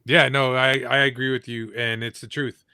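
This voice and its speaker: A man's voice: medium pitch, flat delivery, normal speed, pushed and bright, smooth, no room sound, studio quality. A man hosting an interview, giving short eager agreeing replies. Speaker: interviewer host. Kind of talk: casual interview chat.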